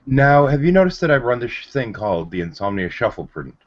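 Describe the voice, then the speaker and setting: A man's voice: mid-range voice, big pitch swings, quick pace. A man hosting a podcast, cutting into the chat with teasing questions. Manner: cuts in, teasing. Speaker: podcast host. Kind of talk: casual group chat. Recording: dull lo-fi podcast recording.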